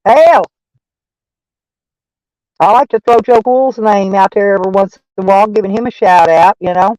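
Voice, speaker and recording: A woman's voice: mid-range voice, normal speed, long pauses, a little mellow, no room sound, poor audio. A woman with a Texan accent chatting casually on a live stream, rambling and swearing freely as she thanks viewers. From Texas. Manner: rambling, profane, folksy.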